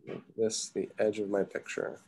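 Low-voiced man teaching drawing casually. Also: moderate pace, a little hiss or hum. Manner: relaxed, thinking aloud with many ums. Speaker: art teacher. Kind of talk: casual live drawing lesson.

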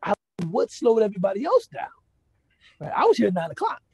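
A man's voice: high-pitched, wildly swooping pitch, a little fast, darkish tone, husky, no echo. A man giving a lecture, telling a personal story in a conversational way, often asking the audience "right?" and "you know". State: moved to emotion. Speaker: Islamic speaker giving a lecture.

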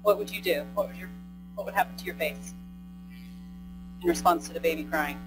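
A woman's voice: on the low side, fairly quick, over music, low-quality recording. A woman giving a live training lecture, speaking conversationally, tagging "right?" onto her points and asking the audience questions. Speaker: presenter. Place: conference room with a live audience.

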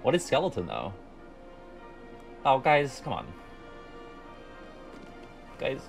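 A male gaming streamer talking to his chat, quick to joke and curse. His pitch is in the middle of the range, but his delivery is lively and animated, bouncing up and down as he reacts. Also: gravelly, faint music behind. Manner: joking, profane, talks to chat.

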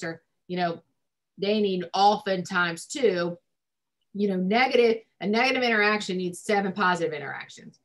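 Lower-voiced woman family therapist. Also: fairly even intonation, moderate pace. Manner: conversational, frequent ums and likes. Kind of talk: advice in a recorded discussion.

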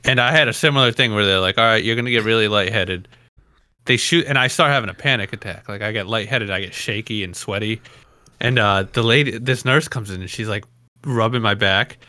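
Young man, podcast host, casual rambling storyteller, bright tense tone. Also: fairly low pitch, fairly quick, dry recording, studio quality. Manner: rambling storyteller, laughs often. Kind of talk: casual chat.

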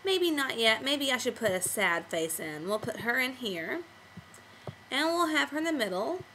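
A woman's voice: sits high, sing-song, normal speed, sharp tone, slight background noise, poor audio. A woman teacher walking children through making a comic on screen, patient and step-by-step. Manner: patient, step-by-step classroom explaining. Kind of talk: screen-recorded software tutorial for kids.

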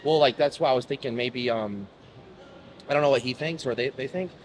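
A man's voice: mid-range voice, brisk. A man hosting a casual vlog, chatty and upbeat, talking at a hotel breakfast buffet. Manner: chatty, upbeat, says "bro" and "like". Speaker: vlog host. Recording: busy crowd noise behind. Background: loud crowd chatter.

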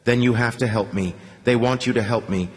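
A man voicing a quick-thinking young man who gives commanding orders and then calmly coaxes. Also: mid-range voice, in a large hall, natural voice. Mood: soft coaxing. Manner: commanding shouts, then calm coaxing. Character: young male stalker, quick-witted, urgent under pressure.

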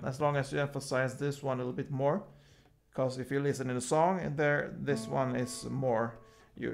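A man teaching a guitar lesson in a casual, relaxed way, calling out chords and explaining how to pick the strings. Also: mid-range voice, gravelly. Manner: slow, relaxed explaining between chord names. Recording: guitar playing loudly behind the voice.

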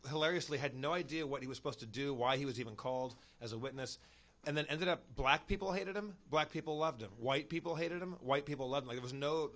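A man telling a story on a podcast in a casual way, acting out the people he quotes. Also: mid-range voice. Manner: animated, acts out quotes. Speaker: podcast guest.

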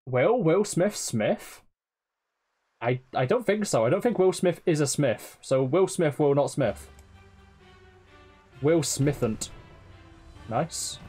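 A man's voice: a little high, expressive, slow, pauses often, warm tone, husky, soft background music. A man streaming a game live, swearing often, laughing and teasing his chat. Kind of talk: live gameplay commentary.

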